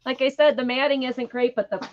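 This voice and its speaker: A woman's voice: high voice, fairly even intonation, fairly quick, no echo, dull audio. A woman on a live vintage sale showing a map she is selling in a casual, easygoing way. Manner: casual, easygoing, unsure about pronunciations.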